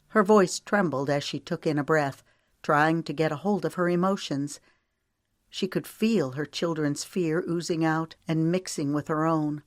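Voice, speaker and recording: A woman's voice: deep voice, moderate pace, dry recording, clean studio sound. A woman narrating a romance audiobook and giving the characters' lines light shifts in voice. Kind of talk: scripted narration.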